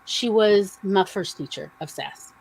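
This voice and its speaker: A woman's voice: mid-range voice, measured pace, gravelly, a little mellow, husky, low-quality recording. A woman with a Southern American accent, co-hosting a livestream and chatting casually as she reads out audience comments with her own asides. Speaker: podcast co-host.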